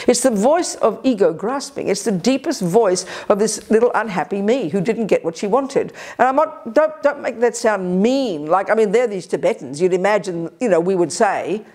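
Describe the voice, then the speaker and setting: A woman teaching at a Buddhist retreat. She talks in a sharp, energetic, emphatic way and often breaks off to restart her sentences. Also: medium pitch. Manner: quick restarts and self-corrections. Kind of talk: retreat dharma talk. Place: retreat center.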